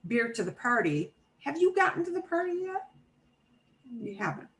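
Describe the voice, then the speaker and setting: A woman's voice: a little high, big pitch swings, normal speed, poor audio. A middle-aged woman teaching an online Spanish class, explaining grammar patiently step by step with everyday examples over a video call.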